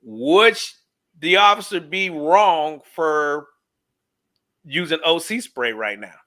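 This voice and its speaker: A man's voice: on the high side, slow, pushed and bright. A man co-hosting a casual commentary on a police video, with frequent restarts and fillers. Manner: stammering restarts, many "you know"s. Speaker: co-host.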